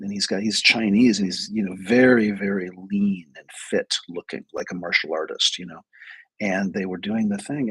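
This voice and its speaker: Male host, low husky voice, dry close sound, meandering storyteller. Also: dry recording, low-quality recording. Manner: rambling storyteller, many fillers and restarts. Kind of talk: casual livestream talk.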